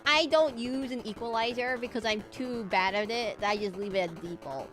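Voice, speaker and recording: Woman streamer, high voice, giggly rambling chat, faint game music behind. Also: fairly quick. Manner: giggly and rambling, chatting with viewers. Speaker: VTuber streamer. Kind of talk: casual livestream chat while gaming.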